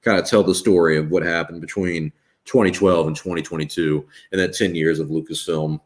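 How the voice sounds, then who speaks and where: A man's voice: low-pitched, fairly even intonation, brisk. A man in his twenties from the American South, casually chatting on a livestream in a laid-back, rambling way. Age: 20s. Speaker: YouTube channel host.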